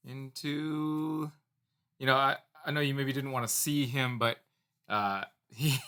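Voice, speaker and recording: A man's voice: mid-range voice, fairly even intonation, a little slow, sharp tone. A man, a reptile breeder, casually talking to his snake in a chatty, playful, apologetic way. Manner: chatty, apologetic, playful baby talk to the animal.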